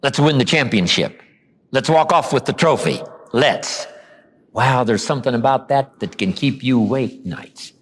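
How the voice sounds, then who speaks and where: An older man giving a motivational seminar talk, acting out quoted lines with dramatic pauses. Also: medium pitch, animated, husky. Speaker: motivational speaker.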